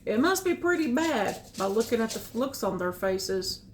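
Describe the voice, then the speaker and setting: An older woman reading a picture book aloud, adding gentle, chatty comments about the pictures. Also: a little high, very animated, moderate pace, a little hiss or hum. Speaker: storyteller.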